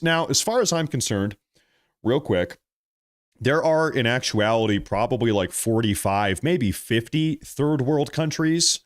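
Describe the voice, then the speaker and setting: A man hosting a political commentary vlog, talking in a mocking, animated way and drawing out his emphasis. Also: a little high.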